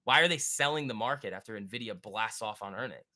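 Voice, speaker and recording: Excitable man doing live market commentary. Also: on the low side. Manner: quick, excitable, thinking aloud, answers chat questions. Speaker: stock trading livestream host.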